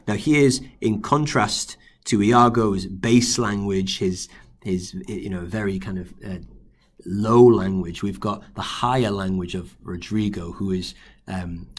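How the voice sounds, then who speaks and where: A man's voice: fairly low pitch, fairly even intonation, measured pace. A male literature teacher, explaining a play in a revision lesson, hesitant with many fillers and restarts. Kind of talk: recorded exam-revision lesson.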